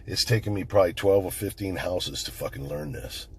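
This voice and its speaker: A man's voice: sits low, brisk, a little hiss or hum. A middle-aged man who is the channel host, talking bluntly in a casual monologue, swearing constantly as he tells stories.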